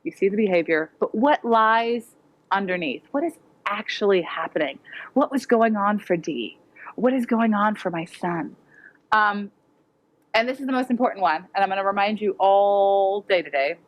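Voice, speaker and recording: Speaking at normal speed in an animated, medium-pitched voice, a woman educator addresses parents at a conference. Before an audience in the hall, she's direct and practical, and she performs the voices in her quotes.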